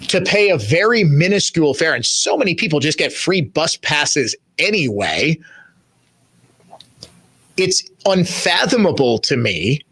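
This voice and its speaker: A middle-aged man hosts talk radio, pressing each point with emphatic repetition. His voice sits a little high and rings bright and forceful. The studio sound is close and dry. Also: very animated, unhurried, breathy edge, dry recording. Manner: emphatic, repeats phrases for stress. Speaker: radio talk show host. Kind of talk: opinionated talk radio monologue.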